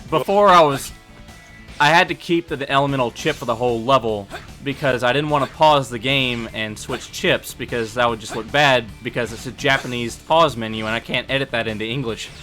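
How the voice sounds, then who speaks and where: A man giving casual, animated group commentary on his own fan dub series, prone to loud excited outbursts. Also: mid-range voice, brisk, soft background music.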